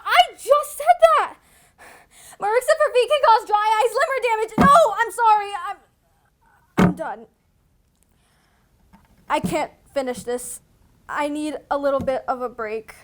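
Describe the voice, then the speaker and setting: A woman playing an exhausted young actress who stumbles over her lines and keeps apologizing over a video call in a comedy sketch. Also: very high voice. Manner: flustered, tongue-tied, apologetic. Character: frazzled young actress botching an audition.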